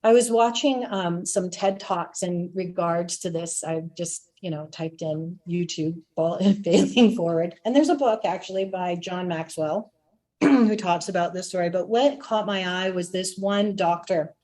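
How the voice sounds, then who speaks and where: A woman's voice: fairly low pitch, a little slow, warm tone. A woman, a spiritual director, giving a reflective spiritual talk and telling stories, laughing now and then.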